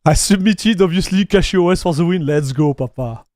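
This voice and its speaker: At a normal speed, an easygoing Frenchman, a tech streamer with a French accent, chats casually with his stream in a high, light voice. He reads messages aloud and calls everyone "dude"; the sound is dry and close, with no echo from the room.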